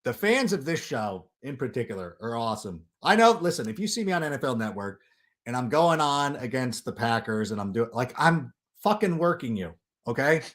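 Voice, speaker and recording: A middle-aged man, a guest on a livestream, ranting in an animated, sarcastic way and throwing in loud mock quotes. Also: medium pitch, brisk. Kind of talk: casual chat on a livestream.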